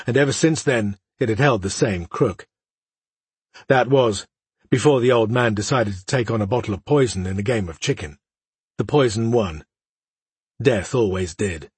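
A man reads a dark fantasy tale aloud in a measured, dramatic way, often sinking into hushed tones. His voice is strongly husky and mid-pitched, and the recording is dry and close. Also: no echo. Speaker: narrator. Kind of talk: audiobook narration of a fantasy story.

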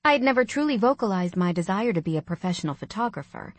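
A woman's voice: medium pitch, expressive, fast talker, dry recording. Woman reading a first-person audiobook. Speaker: audiobook narrator.

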